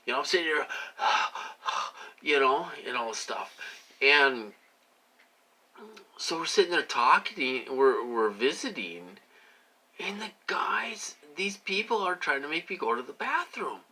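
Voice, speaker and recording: A man's voice: medium pitch, very animated, a little slow, sharp tone, low-quality recording. A man talking to his viewers in a rambling casual monologue, full of fillers and "you guys" asides. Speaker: vlogger.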